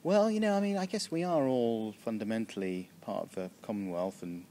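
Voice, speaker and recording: A man's voice: fairly low pitch, fairly quick, dark tone. A British man answering interview questions backstage in a casual, rambling way, often restarting his sentences. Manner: rambling, self-interrupting, chuckling. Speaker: comedian interviewee. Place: backstage room.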